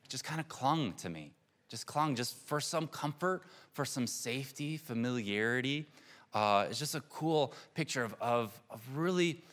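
A man in his thirties preaching a sermon in an earnest, reflective way, often repeating words and laughing softly. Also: medium pitch. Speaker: pastor.

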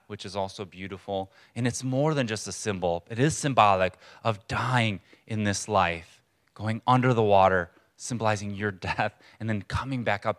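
A man's voice: lowish voice, fairly bright tone. Earnest man preaching a sermon. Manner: conversational, earnest, pauses for emphasis. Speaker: pastor. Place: church hall with congregation.

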